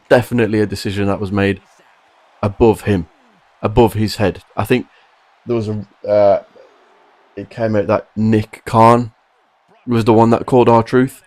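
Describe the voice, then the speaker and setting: A man's voice: on the low side, a little mellow, no room sound. A man delivering a frustrated, emphatic opinion rant to camera about wrestling. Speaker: wrestling commentary vlogger.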